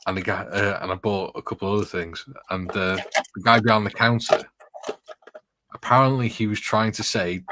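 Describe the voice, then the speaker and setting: A man's voice: on the low side, steady tone, moderate pace, noisy background. A man hosting a casual chat, reading out comments and telling rambling stories, laughing often. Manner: chatty, rambling anecdotes with frequent laughs. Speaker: host reading viewer comments.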